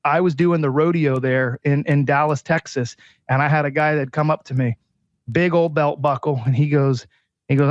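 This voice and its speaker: A chatty man pitching his product with story after story, acting out what his customers said. His voice sits a little high and sounds dry and close, but dull and muffled, as if it came over a remote link. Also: fairly even intonation, moderate pace, dry recording. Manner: chatty storyteller, repeats "he goes". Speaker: air purifier company president. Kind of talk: sales pitch with anecdotes.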